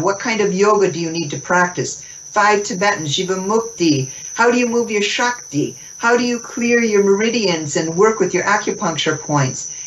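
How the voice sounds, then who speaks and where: A woman interview guest giving a spiritual teaching talk, expressive and laughing often as she acts out little dialogues. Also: medium pitch. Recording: distant mic, muffled, faint noise.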